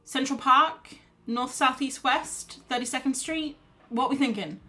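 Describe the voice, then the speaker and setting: A woman livestreaming her art, chatting casually and laughing at herself as she thinks out loud. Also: high voice, unhurried. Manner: chatty, self-deprecating, thinks aloud while reading chat. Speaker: art streamer.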